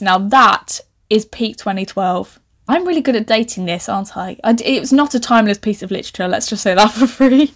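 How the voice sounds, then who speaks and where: A young woman reads her old teenage writing aloud and keeps breaking off to mock it. Her voice sits a little high, and she jumps into sudden high, loud exclamations of disbelief. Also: expressive, brisk. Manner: incredulous, sarcastic asides with sudden squeals. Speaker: podcast host reading her old novel. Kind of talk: comic reading with commentary.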